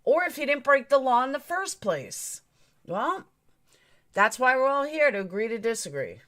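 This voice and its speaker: A woman's voice: high voice, big pitch swings, normal speed, a bit bright. Blunt, opinionated woman streamer. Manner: talks straight to her chat. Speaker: true crime streamer. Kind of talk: live-stream commentary, reading chat.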